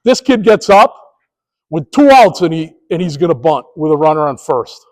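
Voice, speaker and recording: A man's voice: a little high, very animated, moderate pace, low-quality recording. A middle-aged man giving a presentation to sports officials, telling stories and acting out what coaches and umpires say. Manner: storytelling, acts out coaches and umpire calls.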